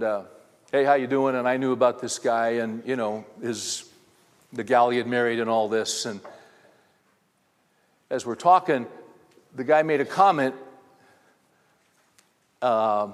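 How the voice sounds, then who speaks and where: A middle-aged man speaking to a men's audience, telling rambling anecdotes in a conversational sermon and throwing rhetorical questions at the crowd. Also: mid-range voice. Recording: reverberant hall.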